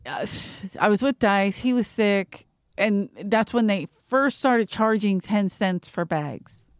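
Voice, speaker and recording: Woman, podcast host, casual chat, swearing storyteller, acts out quotes, mid pitch, dry close mic. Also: slow, no echo. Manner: profane, animated storytelling with acted-out quotes.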